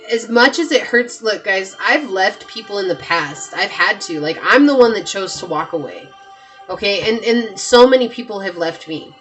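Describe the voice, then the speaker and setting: A woman's voice: medium pitch, fairly bright tone. Emphatic woman giving a tarot reading. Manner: emphatic, repeats herself, talks straight to viewers. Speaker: tarot reader. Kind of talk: pick-a-card tarot reading.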